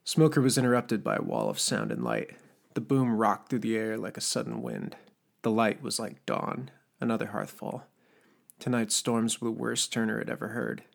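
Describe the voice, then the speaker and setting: A man narrating a fiction audiobook in a steady, measured storytelling manner. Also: lowish voice, creaky.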